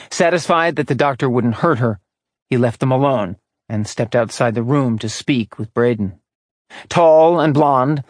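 A man narrating an audiobook in a steady, measured reading voice. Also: medium pitch, no echo, clean studio sound. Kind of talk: scripted narration.

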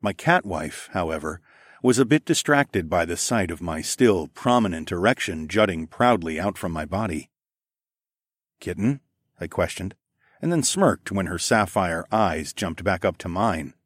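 A man with a very deep voice reads a first-person erotic audiobook. His delivery is low, intimate and unhurried, recorded dry and close to the mic. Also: animated, no echo. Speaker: audiobook narrator.

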